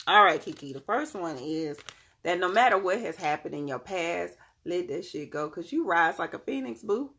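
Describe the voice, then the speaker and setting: A woman giving a casual tarot reading to her viewers, animated and slangy, cursing freely and laughing often. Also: lowish voice, moderate pace. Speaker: tarot reader.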